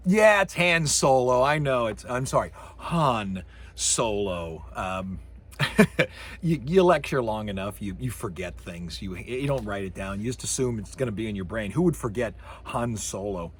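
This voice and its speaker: A man giving a recorded university lecture, animated, acting out sound effects with his voice. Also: medium pitch, moderate pace, a little hiss or hum.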